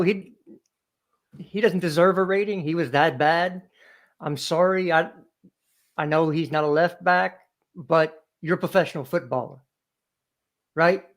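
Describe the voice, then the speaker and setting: Blunt man with a higher voice. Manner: blunt and exasperated, stumbles on his words. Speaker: panel guest. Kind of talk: casual fan chat.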